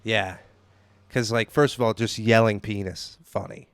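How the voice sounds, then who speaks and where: A young man hosting a casual comedy podcast, telling stories with animated, loudly acted-out quotes. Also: on the low side, unhurried, clear, resonant tone, no room sound. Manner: animated storyteller, acts out quoted voices loudly. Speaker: podcast host.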